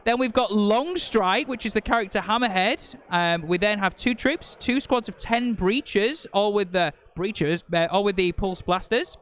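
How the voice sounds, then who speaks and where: Bright-voiced man commentating. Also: high voice, normal speed, few pauses. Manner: jokey, reels off unit lists. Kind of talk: live tabletop game commentary.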